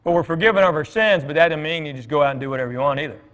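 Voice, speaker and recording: A man's voice: fairly high pitch, racing, fairly bright tone. A middle-aged man giving a conversational church talk, telling stories and acting out bits of dialogue in a folksy way. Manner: folksy storytelling, quoting others in dialogue. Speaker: guest speaker at church. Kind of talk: conversational sermon with anecdotes. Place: church hall. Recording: long hall reverb.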